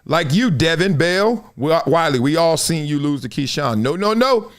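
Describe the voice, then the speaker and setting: A man hosting a sports talk show, telling stories in a casual, slangy monologue that swings between loud bursts and low mutters. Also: lively intonation, moderate pace.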